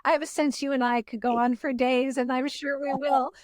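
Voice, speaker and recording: A woman hosts a podcast in a reflective, heartfelt manner, often restarting her sentences as she gathers her thoughts. Her voice sits a little high. The recording is dry and close, with no room sound. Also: little pitch movement, brisk, a little mellow, no echo. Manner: earnest, searching, many restarts. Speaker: podcast host. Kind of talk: reflective interview chat.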